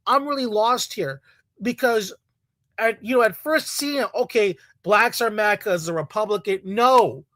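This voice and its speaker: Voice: mid-range voice, a little slow, bright, forceful tone, no echo. A video creator ranting in a heated, profane way, repeating points over and over. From Latino community in the United States. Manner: angry, profane, repetitive rant.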